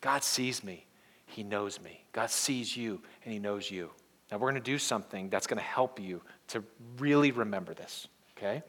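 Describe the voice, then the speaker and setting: This pastor's fairly low voice carries a sincere sermon at a moderate pace. Sometimes quiet, sometimes forceful, he draws the congregation into call-and-response.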